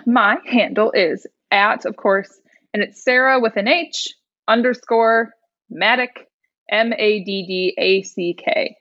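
A woman's voice: medium pitch, slow, no echo, lo-fi sound. A young woman from Indiana in her twenties, telling a story in casual chat and acting out the voices of the people she quotes. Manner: animated storyteller, acts out quoted voices, laughs often. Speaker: podcast guest, songwriter and rapper.

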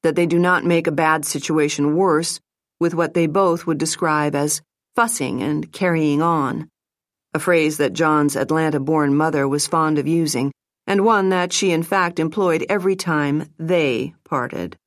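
A woman whose voice sits low narrates an audiobook with a measured, even delivery. The audio is dry and studio clean.

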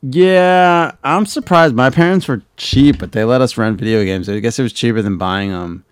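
A man's voice: mid-range voice, moderate pace, clear, resonant tone, no echo, soft background music. A man co-hosting a podcast in casual chat, rambling and swearing, with lots of fillers and restarts. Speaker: podcast co-host.

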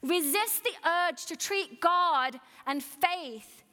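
A woman's voice: very high-pitched, slow pace, sharp tone. A woman in her thirties preaching a sermon as pastor, earnest and emphatic, putting rhetorical questions to the congregation. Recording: long hall reverb.

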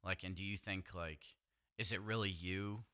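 A man's voice: deep voice, steady tone, moderate pace, sharp tone. A man chatting casually on a podcast, asking questions and filling talk with "like". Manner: casual, questioning, says "like" a lot. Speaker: podcast co-host.

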